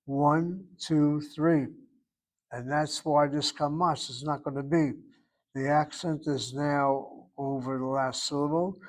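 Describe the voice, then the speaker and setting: A patient man teaching a language class, his voice sitting a little high as he walks methodically through grammar and gently corrects his students. He explains each point step by step. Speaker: Hebrew teacher. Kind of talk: online class instruction.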